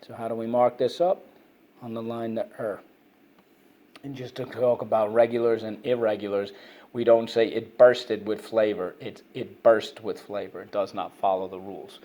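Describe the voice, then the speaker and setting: A man teaches children an online reading lesson on phonics and vocabulary, briskly drilling words over and over, prompting listeners and praising their answers. His voice is fairly low and mellow with a flat delivery.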